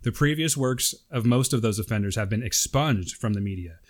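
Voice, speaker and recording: A podcast co-host with a medium-pitched voice talks briskly and casually. In an animated, jokey way, he reads out an email sent in by a listener.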